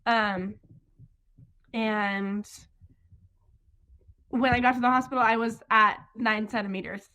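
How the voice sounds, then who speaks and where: In this emotional personal story, a young woman in her twenties, guest on an interview show, describes her own birth, sometimes tearfully, using many ums and likes and quoting what others said. Her voice is on the high side with a sharp tone and fairly even intonation, delivered slowly with long pauses.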